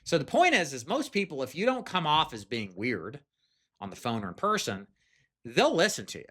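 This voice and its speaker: Direct male sales coach with a bright, forward voice, talking plainly to new agents. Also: a little high, huge pitch swings, normal speed, breathy edge. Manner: direct, conversational, frequent "okay?" check-ins. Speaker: sales trainer. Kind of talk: instructional talk.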